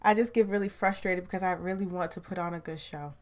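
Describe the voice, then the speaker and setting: A woman's voice: lowish voice, fairly even intonation, fairly quick, few pauses. A woman hosting her own podcast from home, talking candidly and casually, with sighs and trailing sentences. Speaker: podcast host. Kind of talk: casual chat. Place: recorded at home.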